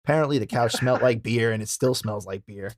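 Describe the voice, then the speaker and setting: A young man hosting a wrestling podcast, telling stories in a loud, profane, casual way. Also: mid-range voice, fast, heavy background noise. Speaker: podcast host. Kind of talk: casual chat.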